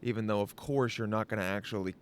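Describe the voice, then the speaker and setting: A man's voice: fairly low pitch, fairly even intonation, quick pace, a little hiss or hum. A man hosting his own show, talking outdoors in a rambling, jokey, self-interrupting monologue. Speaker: podcast host. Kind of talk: casual vlog monologue.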